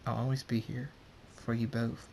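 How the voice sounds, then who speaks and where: A man voicing a calm, protective stallion uncle in his own plain voice. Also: mid-range voice, moderate pace, slight background noise, natural voice. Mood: gentle.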